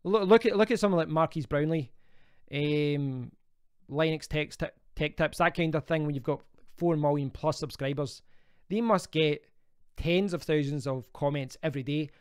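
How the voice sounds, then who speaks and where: A man's voice: a little high, moderate pace, clean tone, dry recording, clean studio sound. A Scottish man in his thirties, hosting a casual live stream from home and chatting as he answers viewer comments. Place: home in Spain.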